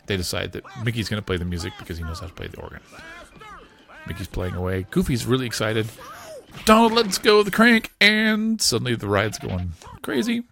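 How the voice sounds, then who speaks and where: Animated man recapping a cartoon. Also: mid-range voice, gravelly. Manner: animated play-by-play retelling with chuckles. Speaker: podcast host.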